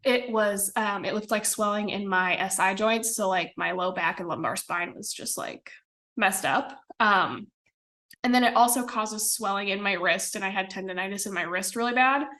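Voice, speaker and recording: As a podcast guest, a young Midwestern woman speaks at a moderate pace in a medium-pitched, sharp-toned voice. She keeps the interview chatty and casual, with many fillers and little laughs.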